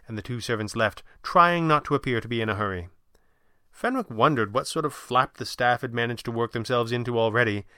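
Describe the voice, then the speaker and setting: A man narrating an audiobook in an even, unhurried storytelling manner. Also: mid-range voice, clean tone, no room sound, studio quality. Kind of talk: scripted narration.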